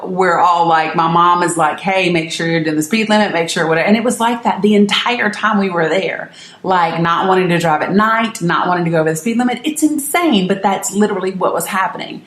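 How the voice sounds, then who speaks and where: A middle-aged woman with a lowish voice tells her viewers a personal story, earnest and emphatic, often stopping to restart a sentence. The room around her gives her voice a roomy echo. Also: fairly quick. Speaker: host.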